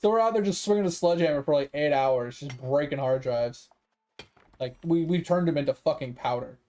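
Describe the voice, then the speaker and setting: A man's voice: on the high side, fairly quick, a little mellow. A man chatting casually with his stream viewers, rambling and swearing freely, breaking into laughs often. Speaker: gaming streamer.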